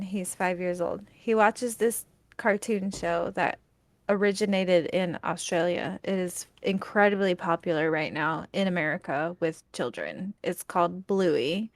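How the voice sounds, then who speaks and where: A woman's voice: on the low side, dry recording. A woman in her thirties co-hosting a live stream in casual, self-deprecating chat. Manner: chatty, self-deprecating, quick to laugh. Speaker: co-host.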